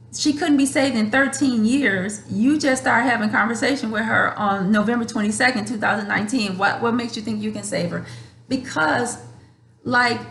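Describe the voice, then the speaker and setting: A woman vlogger speaks straight to her viewers, earnest and emotional, circling back over her words. Her voice has a gravelly edge in a roomy, echoey room at home. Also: a little high, slight background noise. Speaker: channel host. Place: home room with a dryer running.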